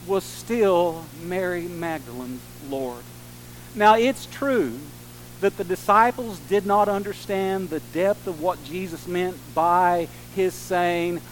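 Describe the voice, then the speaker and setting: A man preaching a sermon in an earnest way, rising to strong emphasis and dropping to soft, slow passages. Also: high-pitched, a little hiss or hum, low-quality recording. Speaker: pastor.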